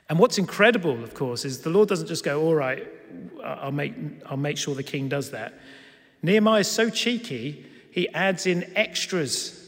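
Male preacher, slightly high voice, animated storytelling, long echo of a church hall. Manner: animated storytelling, acts out quoted lines. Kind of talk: sermon.

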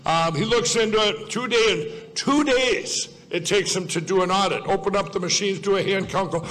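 A man with a somewhat high voice gives a loose, digressive speech to a crowd, circling back and fixing his own words as he goes. His talk is folksy and off the cuff. It carries a long reverb from a large hall. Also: moderate pace, fairly bright tone. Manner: digressive, self-correcting, folksy. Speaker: speaker at a political event. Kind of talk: rambling public speech.

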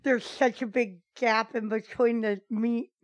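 A woman's voice: a little high, fairly even intonation, a little slow, no echo, lo-fi sound. A woman co-hosting a comedy podcast, teasing the others playfully. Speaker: podcast co-host. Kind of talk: casual comedy podcast chat.

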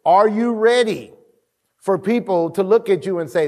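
A man preaching a sermon, calling on the congregation to answer him and building to shouts. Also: sits high, expressive, brisk, long reverb tail. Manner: preaching with call-and-response and rising shouts. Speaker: pastor.

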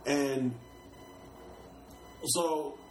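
A man's voice: mid-range voice, steady tone, drawn-out words, a little hiss or hum. Streetwise New York man, roomy sound. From Brooklyn, New York. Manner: streetwise, repeats and restarts words, swears casually. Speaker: rapper interview guest. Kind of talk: casual storytelling interview.

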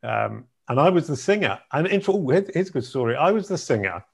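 A man's voice: a little high, big pitch swings, quick pace, creaky, breathy edge. A middle-aged man from Yorkshire, a guest in an interview who tells his stories in a chatty, self-deprecating way. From Yorkshire, England. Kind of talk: conversational interview.

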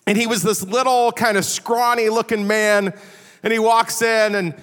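Preaching a storytelling sermon, a middle-aged man from the Chicago area speaks in a high-pitched, level voice with a fairly bright tone at a moderate pace. His delivery is conversational and self-deprecating, often punctuated by "all right?" Long reverb from a big hall fills the recording.

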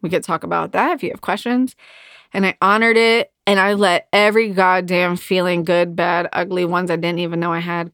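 Woman podcast host, 30s, blunt and profane, lowish voice, dry close sound. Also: fairly bright tone, no echo. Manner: frank, heavy swearing, emotional storytelling. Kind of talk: candid personal monologue.

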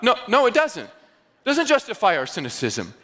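A man from the Northeastern United States preaching a sermon as pastor, animated and telling stories with acted-out dialogue. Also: high voice, normal speed.

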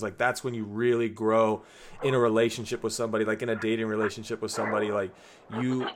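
A young man co-hosting a casual talk about faith, earnest and relaxed, saying "like" often. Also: mid-range voice, a little hiss or hum. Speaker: podcast co-host.

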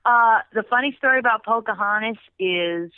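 A woman's voice: on the high side, normal speed, dry recording. Woman on a tinny phone line. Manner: animated, with bursts of laughter. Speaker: former theme park performer, interview guest. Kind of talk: casual storytelling.

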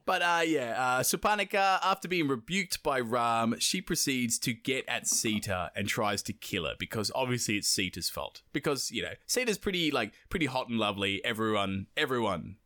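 A man's voice: medium pitch, lively intonation, normal speed, few pauses, bright, forceful tone, dry recording, studio quality. A man co-hosting a podcast, casually retelling a myth with jokes, laughter and crude asides. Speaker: podcast co-host.

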